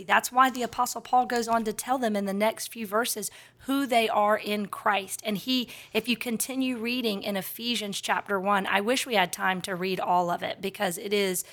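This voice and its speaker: A woman's voice: on the high side, a bit bright. A woman co-hosting a casual faith podcast, talking in an earnest, reflective way. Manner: earnest, reflective, quick bursts of laughter. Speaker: podcast co-host.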